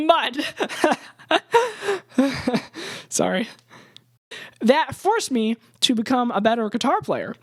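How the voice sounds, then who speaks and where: A young woman chats casually to her viewers, upbeat and giggly, laughing often between thoughts. Her voice sits in a middling pitch and sounds close and dry, with no room echo. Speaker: musician and channel host. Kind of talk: casual vlog chat to camera.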